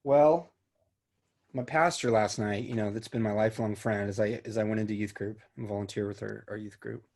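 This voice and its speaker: A man's voice: fairly low pitch, fairly even intonation, fairly quick, vocal fry, a little mellow. Rambling, chatty podcast co-host, a man. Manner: rambling, chatty, laughs easily. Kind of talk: casual chat.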